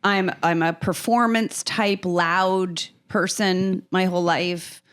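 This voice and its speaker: A woman comedian guesting on a podcast, telling stories in an animated way and laughing often. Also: lowish voice, slow, smooth. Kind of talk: casual interview chat.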